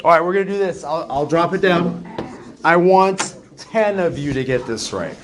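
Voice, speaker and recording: A man's voice: fairly high pitch, animated, normal speed, crowd noise. A man teaching a math class, chatty and self-deprecating, joking with his students. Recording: noisy classroom recording.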